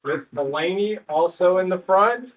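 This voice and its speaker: At an evening school meeting, a middle-aged principal addresses parents in a room with an audience, sounding folksy, joking and reassuring. His voice is high-pitched with lively intonation and a slightly slow pace. The recording is distant and muffled, picked up from across the room.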